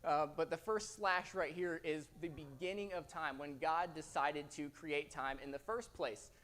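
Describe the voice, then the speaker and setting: A man's voice: a little high, a little slow, fairly bright tone. A young man preaching a sermon as a visiting speaker, conversational and earnest, often repeating words for emphasis. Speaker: guest preacher.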